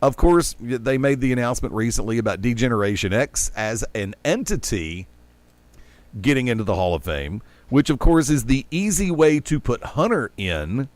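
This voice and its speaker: A man's voice: mid-range voice, expressive, moderate pace, a little mellow, dry recording. Opinionated man hosting a sports radio talk show. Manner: rambling, opinionated, jokey. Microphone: headset.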